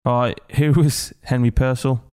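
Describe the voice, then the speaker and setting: A man's voice: mid-range voice, fairly even intonation, normal speed, a little mellow, clear, resonant tone. A man hosting a casual podcast chat, ranting and reading out quiz questions. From Britain. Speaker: podcast host.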